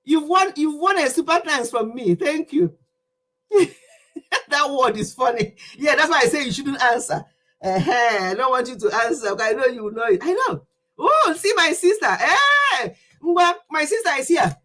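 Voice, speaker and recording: High-voiced chatty Nigerian woman. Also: normal speed. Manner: chatty, laughs often, animated storytelling. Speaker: livestream host. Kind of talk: casual chat with viewers.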